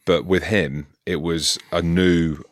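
A man's voice: deep voice, steady tone, slow pace, no room sound, studio quality. A man in his forties hosting a podcast, bantering and teasing his guest, calling people mate. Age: 40s. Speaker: podcast host. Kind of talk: casual podcast chat.

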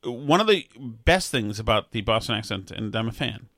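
A man's voice: fairly low pitch, expressive, normal speed, fairly bright tone, dry recording, clean studio sound. A man hosting a casual talk show, grumbling and sardonic, with mock outrage. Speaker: radio show host.

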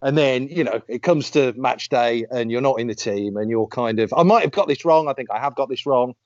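A man's voice: mid-range voice, brisk, dry recording. A man hosting an interview who chats casually, hedging and circling around his questions. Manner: chatty and tentative, hedging with fillers. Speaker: interview host. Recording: slightly muffled, dry audio.

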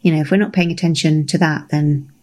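A co-host in a casual podcast conversation, earnest and upbeat and quick to laugh. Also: mid-range voice, steady tone, a little mellow.

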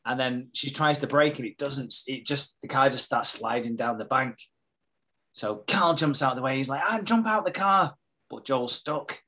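A man's voice: mid-range voice, normal speed, pushed and bright. A man in casual podcast chat, swearing freely while he retells scenes and slips into quoted lines. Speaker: podcast co-host. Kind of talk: casual chat recapping a show.

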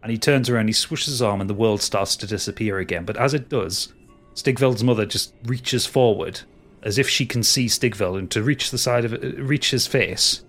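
A man's voice: on the low side, moderate pace, fairly bright tone, soft background music. A man narrating a tabletop game as game master, describing scenes at length with small restarts.

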